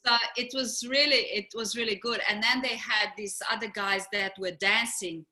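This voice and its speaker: A middle-aged woman co-hosting a casual chat, telling a lively story, laughing often and acting out what people said. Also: medium pitch, moderate pace, reverberant. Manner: animated storyteller, laughs often, acts out quotes. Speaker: co-host.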